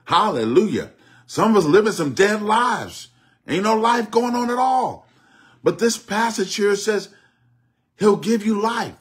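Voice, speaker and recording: A man's voice: high-pitched, expressive, unhurried. A middle-aged man preaching a Bible study, repeating phrases and dropping frequent amens. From Oklahoma, US. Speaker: bishop teaching Bible study.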